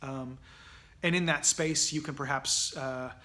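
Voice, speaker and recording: Bright-voiced male acting teacher. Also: mid-range voice, unhurried. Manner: relaxed, many fillers and restarts, acts out anxious inner voices. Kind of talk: conversational lecture on mindfulness.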